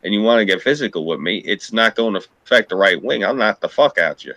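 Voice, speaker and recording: A man with a New York accent holds forth in a casual chat, blunt, profane and combative. His voice is bright and pushing, a bit low-pitched, and the sound is close and dry, with no room around it. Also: animated, fast, no room sound.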